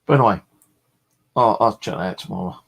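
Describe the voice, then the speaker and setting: A man's voice: lowish voice, fast, creaky, fairly bright tone, slightly rough. A man chatting casually in a vlog, a rambling storyteller full of fillers and the odd swear word. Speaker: vlogger.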